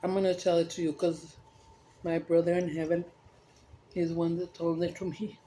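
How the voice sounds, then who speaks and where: A woman vlogger casually telling a joke in a rambling, animated way and correcting herself as she goes. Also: fairly low pitch, moderate pace, slight background noise. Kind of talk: casual storytelling.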